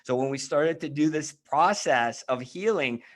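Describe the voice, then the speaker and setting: A man's voice: a little high, expressive, a little slow. Reflective man hosting a talk show. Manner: reflective, searching, many restarts. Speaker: host. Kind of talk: casual podcast conversation.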